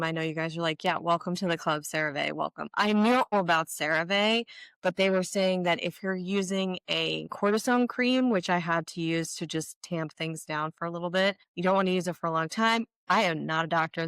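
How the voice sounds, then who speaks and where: A woman in her forties talks through her makeup routine in a candid, chatty way, with plenty of self-deprecating asides. Her voice sits low for a woman. The sound is dry and close, with no room around it. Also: fairly bright tone, smooth, dry recording. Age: 40s. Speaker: beauty vlogger. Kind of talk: casual get-ready-with-me chat.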